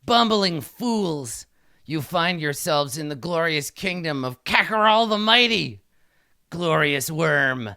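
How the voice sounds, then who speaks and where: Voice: medium pitch, animated, gravelly, pushed and bright, clean tone, dry recording, clean studio sound, pitched above the performer's own voice, full character voice. A game master voicing a pompous, boastful male kobold king who rules a small tribe. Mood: haughty. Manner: grandiose, drawn-out proclamations.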